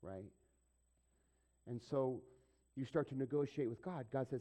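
With a dark, medium-pitched voice and lively intonation, a middle-aged pastor preaches a bit slowly, leaving long pauses. His style is conversational, full of questions for the congregation and acted-out asides.

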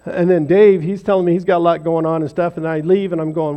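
A man's voice: fairly high pitch, steady tone, fast, highs cut off. A man leading an informal devotional talk for a small group in a rambling, self-deprecating, conversational way. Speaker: lay speaker leading a devotional.

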